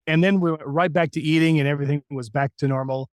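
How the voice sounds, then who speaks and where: A male voice actor telling an anecdote in an interview, acting out the quotes with animated delivery. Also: on the high side, fast, no room sound, clean studio sound. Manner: animated anecdote teller who acts out quotes. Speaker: voice actor guest. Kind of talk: storytelling in a podcast interview.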